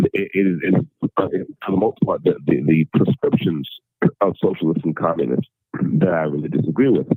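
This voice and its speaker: Guest: man, very low husky voice, stop-start delivery, thin phone-line sound. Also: no room sound. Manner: halting, many repeated words and restarts. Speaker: interview guest. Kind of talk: casual conversational explanation. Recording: tinny phone-like remote call audio.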